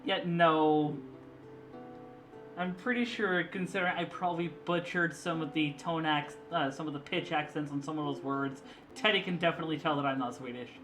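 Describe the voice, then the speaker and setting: A man's voice: on the high side, normal speed, a bit bright. A young man streaming casually, chatty and eager to explain, laughing often. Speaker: streamer and artist. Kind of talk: casual live-stream chat. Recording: clear background music.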